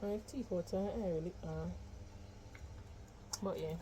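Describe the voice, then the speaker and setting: A young woman chatting casually in a day-in-the-life vlog at home, playful and teasing with sudden loud bursts. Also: lowish voice, slow. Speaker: vlogger. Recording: noisy home recording.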